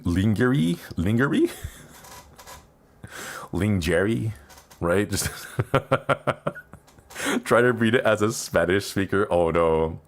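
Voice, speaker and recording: A man streaming casually, rambling in a playful way and laughing often; English is not his first language. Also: deep voice. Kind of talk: casual live-stream chat.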